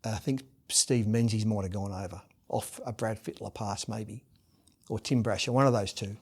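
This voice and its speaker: A middle-aged man with an Australian accent, a guest in a podcast interview, telling lively stories and loudly acting out the voices of people he quotes. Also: fairly low pitch, normal speed, slightly rough. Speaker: guest, former rugby league captain and coach. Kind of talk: animated storytelling in a podcast interview.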